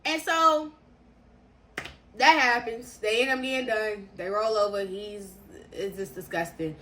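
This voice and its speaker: A young woman telling a story to her viewers in casual slang, animated and repeating phrases for emphasis. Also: mid-range voice, a little slow, background noise. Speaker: storytime vlogger.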